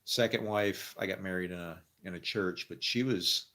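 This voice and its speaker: Rambling male storyteller, somewhat low voice, laughs a lot and drifts quiet at the ends of his thoughts. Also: normal speed. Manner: rambling, laughs often, trails off into quiet mumbles. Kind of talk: rambling personal monologue.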